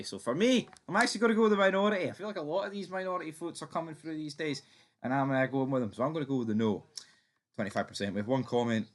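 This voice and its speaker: A man's voice: mid-range voice, animated, racing. A man hosting a fan theory channel, giving his opinion in a chatty, emphatic way with some swearing. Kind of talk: casual opinion commentary.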